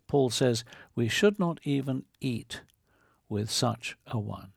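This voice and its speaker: Gravelly, animated male preacher. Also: mid-range voice, no echo, studio quality. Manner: earnest, building vivid hypothetical scenarios. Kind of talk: sermon.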